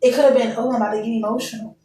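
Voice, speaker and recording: A woman's voice: a little high, fairly even intonation, rapid-fire, recorded from a distance. A young woman reads tarot for her viewers in a loose, candid way, full of slang and swearing. She sits a little back from the mic in an echoey room, and a faint hum runs underneath. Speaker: tarot reader. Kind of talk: casual tarot reading to viewers.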